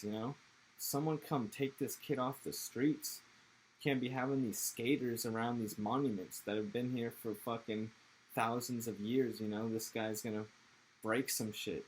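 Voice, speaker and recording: A young American man putting on a higher, indignant voice to play a scandalized European passerby. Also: fairly even intonation, measured pace, darkish tone, a little hiss or hum, natural voice, low-quality recording.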